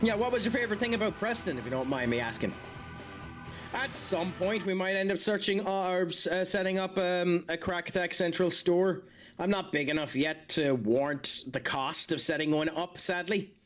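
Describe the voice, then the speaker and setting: An Irish man on a live stream, talking with his viewers in a fairly high voice. He rambles and jokes easily, with plenty of fillers, while game music plays clearly underneath. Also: moderate pace, fairly bright tone. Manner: chatty and jokey, with many fillers. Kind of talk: live gameplay commentary, chatting with viewers.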